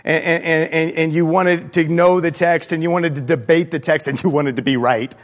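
A man's voice: a little high, steady tone, normal speed. A man preaching a sermon, earnest and conversational, often repeating words as he gathers his thoughts. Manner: grows quiet and reflective in the second half.

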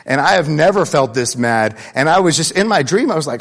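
A man preaching a sermon as pastor, animated and swinging between loud bursts and hushed asides. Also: on the high side, fairly quick. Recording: long hall reverb.

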